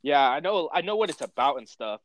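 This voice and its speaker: A man's voice: a little high, sing-song, brisk, no echo. A young man chatting casually, telling rambling stories full of slang and swearing. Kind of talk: casual chat.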